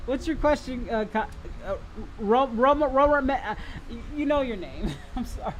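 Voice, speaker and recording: A man hosting a casual livestream Q&A, rambling and repeating himself, with sudden bursts of shouting and laughter at his chat. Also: very high-pitched, animated, normal speed, faint music behind, poor audio. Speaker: livestream host answering chat.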